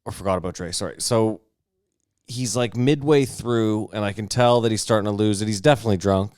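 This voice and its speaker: A man co-hosting a podcast, telling a long, profane, animated anecdote in casual chat. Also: on the low side, brisk, clean tone, no room sound, studio quality. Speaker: podcast co-host. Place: podcast recording setup.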